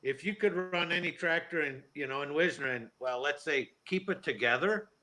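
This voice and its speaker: A man guest in a casual chat, folksy and quick to laugh. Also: on the high side, pushed and bright. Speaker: event organizer guest.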